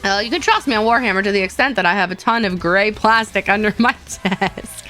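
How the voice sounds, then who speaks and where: A woman's voice: mid-range voice, a little fast, sharp tone, soft background music. A woman streamer casually chatting with her viewers in a playful, rambling way, often laughing and repeating herself. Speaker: VTuber streamer.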